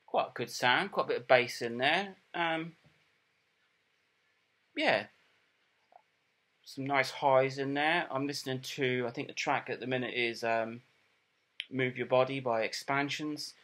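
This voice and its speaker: A man's voice: mid-range voice, sharp tone. Hesitant middle-aged man reviewing earphones. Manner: hesitant, many ums and repeated words; plain, unhurried and matter-of-fact. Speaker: product reviewer. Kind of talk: casual review talk.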